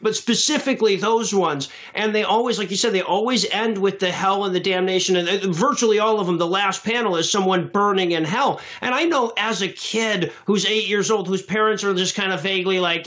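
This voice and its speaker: A man's voice: high voice, brisk, hardly any pauses, a bit bright, lo-fi sound. A man guesting on a podcast, talking in a rambling, self-deprecating casual way.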